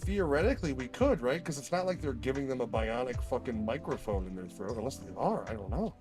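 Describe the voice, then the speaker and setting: A man's voice: medium pitch, animated, a little fast, music in the background. A man co-hosting a live stream, trading crude wisecracks in casual chat.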